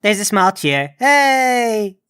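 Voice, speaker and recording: A man's voice: high voice, big pitch swings, fast talker, a bit bright. A man narrating as game master of a comedic tabletop game in a matter-of-fact way.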